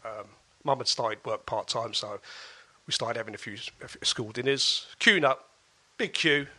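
A man's voice: medium pitch, normal speed, sharp tone. A man from East London with a London accent, in his forties, telling stories in casual chat and acting out the voices of the people in them. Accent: London English. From East London, England.

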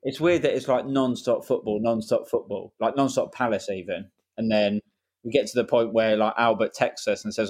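A man's voice: lowish voice, steady tone, a little fast, a little mellow, breathy edge. A man co-hosting a casual football podcast, laid-back with short replies. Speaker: podcast co-host.

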